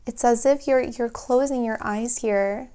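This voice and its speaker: A woman's voice: on the high side, a little slow, warm tone, smooth. A woman giving a tarot reading, thinking aloud and often exclaiming with emotion. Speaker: tarot reader.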